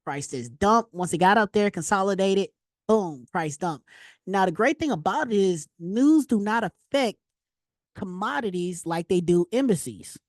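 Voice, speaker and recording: A woman teaching a casual trading lesson over a screen share, slangy and animated, telling stories with loud exclamations. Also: medium pitch, moderate pace, dry recording, clean studio sound. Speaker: trading instructor.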